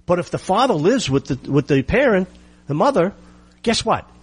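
A middle-aged man holds forth in an indignant monologue, hammering his points with rhetorical questions and repetition. His voice is husky and sits a little high for a man. His pitch swings widely as he presses each point. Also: big pitch swings, normal speed. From United States. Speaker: political commentator. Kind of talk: opinionated monologue.

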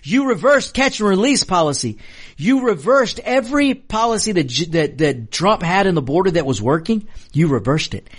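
Male host, fairly high voice with wide swings in pitch, passionate and emphatic monologue delivery. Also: lively intonation, normal speed. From Mexican American. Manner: passionate and emphatic, repeats lines for stress. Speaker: political commentary host. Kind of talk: opinion monologue.

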